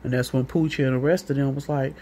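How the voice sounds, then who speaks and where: A woman's voice: very deep voice, fairly even intonation, quick pace, dark tone, a little hiss or hum. A woman with a St. telling a long, rambling, profane story in a casual monologue, acting out what other people said. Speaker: vlogger.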